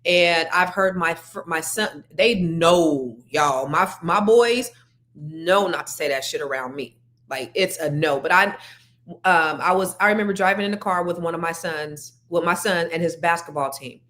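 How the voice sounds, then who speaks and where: A middle-aged woman from California hosting a panel discussion, frank and animated, with many restarts. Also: fairly low pitch, normal speed. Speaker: podcast host.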